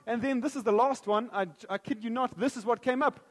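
A man's voice: very high voice, a little fast, in a large hall. A man preaching a sermon, joking at first and then earnest and prayerful.

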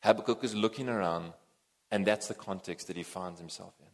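A man preaching a sermon, animated and emphatic, swinging between loud and soft. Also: deep voice, brisk. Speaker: pastor.

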